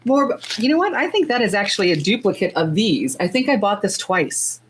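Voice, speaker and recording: A woman's voice: mid-range voice, sing-song, brisk, husky, poor audio. A woman with a lilt hosting a casual livestream, chatty and bubbly, gushing and filling her talk with little asides. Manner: chatty and bubbly, many fillers, gushes over tiny things. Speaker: nail art livestream host. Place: indoors under lights.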